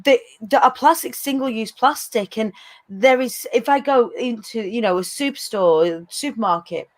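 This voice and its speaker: A woman's voice: a little high, normal speed. A woman with a strong northern English accent hosting a casual interview, chatty and thinking aloud with many restarts. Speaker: podcast host.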